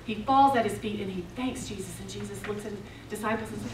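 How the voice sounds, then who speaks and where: A woman preaching a sermon at a retreat, telling the story with passion and swinging between loud declarations and hushed, intense moments. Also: medium pitch, fast talker, a little hiss or hum. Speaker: women's retreat speaker. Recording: roomy, distant mic, faint ambience.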